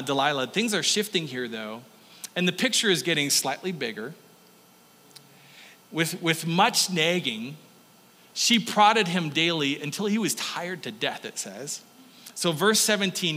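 A man preaching a sermon in an animated storytelling way, with chuckling asides. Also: on the high side, a little slow, in a large hall, rough recording.

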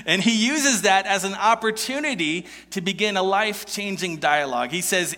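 A man's voice: high voice, expressive, normal speed, sharp tone. A man preaching a sermon in a conversational way, reading scripture aloud and laughing often. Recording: long hall reverb.

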